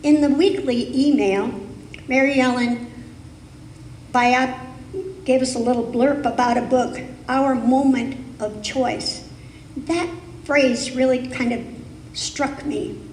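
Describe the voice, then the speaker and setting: Slow, deliberate woman preaching in an echoey hall. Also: a little high, a little mellow, a little hiss or hum. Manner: slow, deliberate, emphatic phrasing. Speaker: guest speaker. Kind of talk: sermon. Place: spiritual center sanctuary. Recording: echoey hall, live stream.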